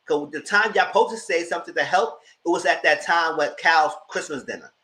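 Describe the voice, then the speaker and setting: A man hosting a live TV review, giving sassy, animated commentary straight to his viewers. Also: on the high side, a little fast, low-quality recording. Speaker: TV review host.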